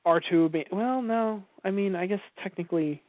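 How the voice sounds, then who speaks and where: A man co-hosting a casual podcast chat, hesitant and quick to laugh. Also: high-pitched, no room sound. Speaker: podcast co-host. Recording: dry, phone-like lo-fi audio.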